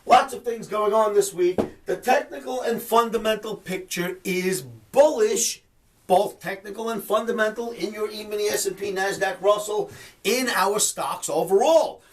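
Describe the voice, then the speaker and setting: A man's voice: sits high, moderate pace, distant mic. A man hosting a trading commentary show, fired up and ranting, mocking the people he disagrees with. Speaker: trading educator and show host. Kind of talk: market commentary webcast.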